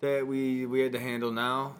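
A man speaking as a musician guest in casual chat, halting and leaning on lots of fillers. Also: mid-range voice, little pitch movement, slight background noise.

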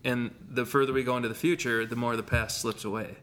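A man's voice: medium pitch, steady tone, fast talker, a bit bright, a little hiss or hum. A man hosting a casual podcast, joking and rambling with his co-host.

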